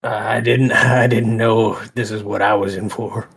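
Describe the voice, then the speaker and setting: A man's voice: lowish voice, level tone, moderate pace, a bit bright, slightly rough. A man playing a tabletop role-playing game, describing and voicing his character in a laid-back, drawling way. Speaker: player. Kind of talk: casual in-character play.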